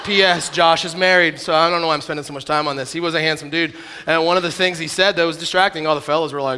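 A man preaching at a youth camp in a joking, animated way, often acting out voices. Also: a little high, quick pace, slight background noise. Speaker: youth speaker.

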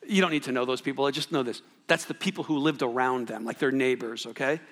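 A man's voice: mid-range voice, quick pace, hardly any pauses, a bit bright, long reverb tail. A man preaching a sermon, reading scripture and telling a personal story in a conversational way, often checking in with the listeners. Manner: conversational storytelling, frequent "right?" asides and restarts. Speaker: pastor.

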